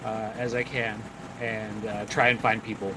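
A man playing a tabletop game, speaking softly and hesitantly with many fillers. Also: on the low side, little pitch movement, moderate pace, crowd noise, low-quality recording. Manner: soft, hesitant, many uhs. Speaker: player. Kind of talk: casual tabletop play.

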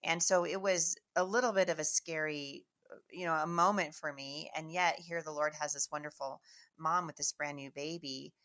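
A middle-aged woman from Washington State, a Christian speaker telling a lively personal testimony to an audience with chatty restarts. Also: low voice, moderate pace. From Washington State, USA. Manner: chatty, animated storyteller with frequent restarts. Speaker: Christian speaker and homeschool teacher.

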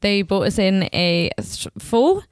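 A woman's voice: medium pitch, very animated, slow, clear, resonant tone, no room sound, studio quality. A woman hosting a casual podcast chat, chatty and laughing often. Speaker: podcast host.

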